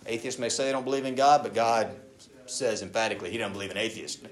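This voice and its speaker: A man preaching a sermon. He reads scripture aloud, then speaks directly to the congregation, moving between loud emphasis and hushed asides. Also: fairly low pitch, fairly even intonation, quick pace. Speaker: pastor.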